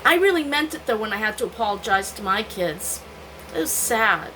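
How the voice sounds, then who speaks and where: A woman's voice: mid-range voice, animated, normal speed, sharp tone, slight background noise, rough recording. An older woman vlogging, telling candid stories from her own life and often laughing at herself. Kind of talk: personal storytelling to camera.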